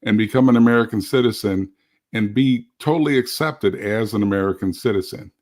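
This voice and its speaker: Low-voiced earnest male panelist. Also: brisk, darkish tone. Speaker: show regular. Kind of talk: casual political chat.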